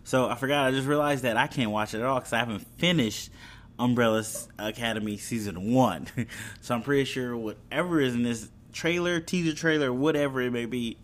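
A young man with a medium-pitched voice talks a little fast while hosting a video. He chats casually about upcoming shows in an entertainment-news style, rambling with fillers and restarts.

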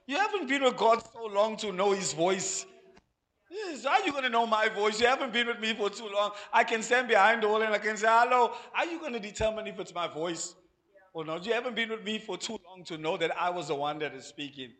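High-voiced, animated South African pastor. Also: male voice, fairly quick. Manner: animated, acts out voices and laughs while preaching. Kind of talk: sermon. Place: church. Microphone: handheld mic.

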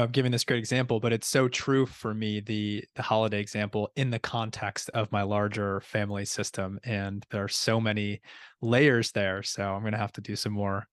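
A male podcast host reflects thoughtfully on his guest's ideas. His voice sits fairly low. The sound is dry and close, with no room echo. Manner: reflective, thoughtful, with soft hums of assent. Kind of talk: podcast interview.

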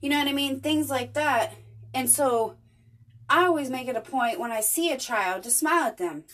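A woman's voice: sits high, normal speed. A woman hosting a podcast, talking earnestly and chattily in a casual motivational monologue, telling stories with lots of energy. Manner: earnest, chatty, animated storytelling. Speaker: podcast host.

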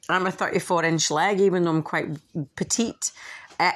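A woman's voice: mid-range voice, moderate pace. A woman hosting her own podcast, talking candidly in a casual monologue, swearing and acting out quotes. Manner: candid, swearing, animated quoting with laughs. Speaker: podcast host and author. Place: at home with a dog nearby.

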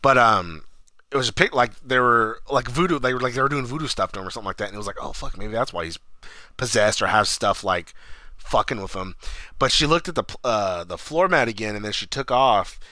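A man casually recapping a horror movie on a remote call, rambling with many fillers and acting out the characters in quick voices. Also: medium pitch, animated, sharp tone, no room sound. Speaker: podcast co-host.

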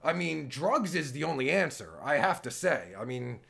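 A man rants on a live stream in a high, gravelly voice. He is sarcastic and profane, trips over his words, and swings wildly up and down in pitch. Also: very animated, normal speed, a bit bright. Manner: sarcastic, stammering, swears constantly. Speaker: podcast host reacting to a clip. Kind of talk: angry profane reaction commentary.

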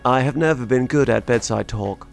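A man's voice: medium pitch, normal speed, vocal fry, soft background music. A man playing his character in a tabletop game, speaking in short, blunt and stiff phrases. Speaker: player. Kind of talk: in-character role-play.

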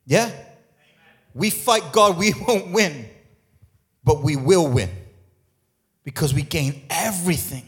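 Pastor guy preaching, kinda high voice, punchy and repetitive, keeps asking the room stuff. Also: expressive, takes it slowly, pauses often. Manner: emphatic, repeats phrases and asks the crowd questions. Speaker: lead pastor. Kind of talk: sermon. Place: church.

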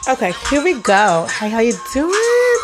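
A woman's voice: sits high, huge pitch swings, unhurried, over music. A young woman vlogger talking to her viewers in a casual, rambling, slangy and profane way.

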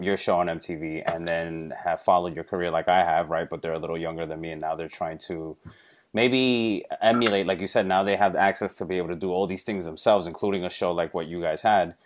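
A man hosting an interview, asking questions in a relaxed, conversational way. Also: low voice, a little fast, a little hiss or hum. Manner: relaxed, conversational, checks in with "right?". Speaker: interview host.

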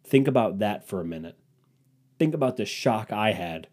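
A man's voice: lowish voice, lively intonation, normal speed, a little mellow. A young man hosting a solo podcast, telling comedic stories in a rambling, crude, self-mocking way. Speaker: podcast host.

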